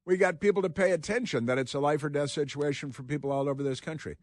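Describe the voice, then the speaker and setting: A man hosting a talk radio show, delivering combative, sarcastic commentary with frequent halting restarts. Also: on the high side, no room sound, studio quality.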